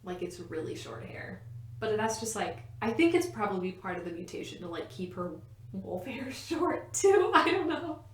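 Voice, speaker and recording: A woman co-hosts a podcast and serves as quizmaster, explaining at length in a medium-pitched, sing-song voice at normal speed, leaning on "like" and laughing often. The recording has roomy echo and a little hiss or hum.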